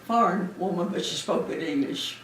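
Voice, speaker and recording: A former Navy nurse in her eighties reminisces in an interview, her lowish voice animated at a normal speed, recorded with a distant mic in an echoey room with slight background noise. She's a chatty, warm storyteller who laughs often.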